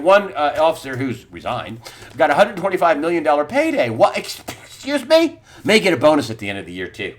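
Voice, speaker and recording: A middle-aged man hosting his own news commentary, his voice set a little high and swinging widely in pitch as he reacts. He sounds incredulous and sarcastic, breaking into scornful laughs. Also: wildly swooping pitch, a little fast.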